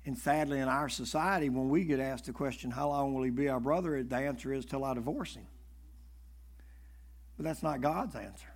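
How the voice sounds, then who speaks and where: A male preacher telling stories in a sermon, animated and swinging between loud and hushed, often stammering and repeating words. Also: mid-range voice, normal speed. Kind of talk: sermon storytelling.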